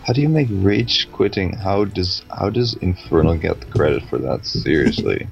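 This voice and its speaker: A man's voice: low-pitched, animated, moderate pace, vocal fry, muffled recording, soft background music. A young man casually commentating a video game match with teasing, profane banter. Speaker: esports commentator.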